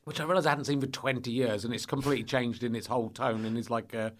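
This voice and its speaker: A man chatting as a podcast guest, rambling with frequent restarts and lively bursts. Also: medium pitch, fast. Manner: rambling, self-interrupting, animated. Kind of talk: casual chat.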